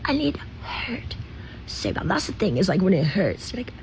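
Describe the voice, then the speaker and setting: A woman with a put-on British accent, rambling haltingly in a played-back social media clip, full of ums and likes. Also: on the low side, big pitch swings. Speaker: celebrity in a played video clip. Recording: played-back clip with clear background noise.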